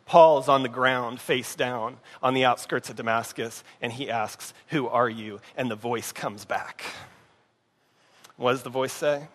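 A man preaching a sermon in a conversational way, often dropping to a hushed voice and asking the congregation if they are following. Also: medium pitch, unhurried. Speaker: pastor. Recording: long hall reverb.

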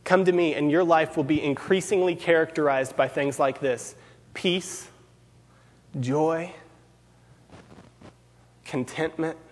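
Male preacher, slightly high, husky voice, earnest sermon delivery in a big echoing hall. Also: fairly even intonation, takes it slowly, long pauses. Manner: earnest, repeats key phrases for emphasis. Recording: long hall reverb.

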